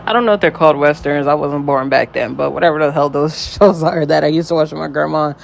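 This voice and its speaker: A man giving a casual spoken review of a show, rambling in a relaxed, slangy way and filling pauses with "um" and "like". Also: on the high side, vocal fry, muffled recording, a little hiss or hum. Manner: rambling, filler-heavy, with frequent "um" and "like"; slangy and laid-back.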